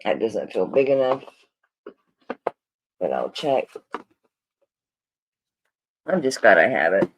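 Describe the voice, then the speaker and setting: A woman's voice: a bass voice, very animated, takes it slowly, long pauses, background noise. A woman selling jewelry on a live stream, chatting to viewers in a flustered, rambling way while she searches through orders.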